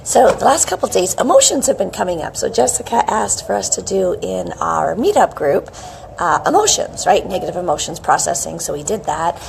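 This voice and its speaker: A middle-aged woman hosting a casual live wellness stream, chirpy and animated, greeting viewers by name. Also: lowish voice, fairly quick, gravelly, slight background noise, poor audio. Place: outdoors with a palm tree behind. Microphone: hands-free phone camera.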